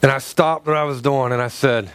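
A man preaching a sermon through a personal story, halting and stumbling over repeated words, and acting out the dialogue. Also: mid-range voice, steady tone, fairly bright tone, clean tone. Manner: acts out quoted dialogue in his stories.

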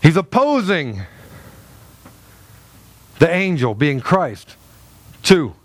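A man's voice: high voice, lively intonation, measured pace, long pauses, dry recording. A male pastor preaching a sermon to a congregation, emphatic, with many fillers and restarts, in a church.

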